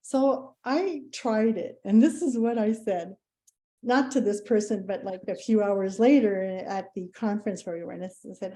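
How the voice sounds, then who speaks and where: A woman's voice: mid-range voice, moderate pace. A woman giving a casual presentation, chatty and full of fillers, acting out bits of dialogue as she tells anecdotes. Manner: animated, acts out quoted dialogue. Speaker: presenter at a community meetup.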